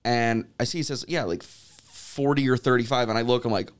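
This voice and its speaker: Young man telling a lively story. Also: medium pitch, normal speed, heavy background noise. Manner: animated storyteller acting out quoted voices. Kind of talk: casual storytelling chat.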